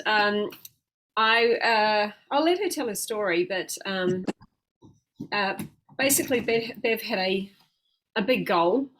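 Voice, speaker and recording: A woman's voice: mid-range voice, a bit bright, a little hiss or hum, poor audio. Chatty New Zealand woman host. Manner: chatty, halting with many fillers. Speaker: host, weight loss coach. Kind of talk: casual interview.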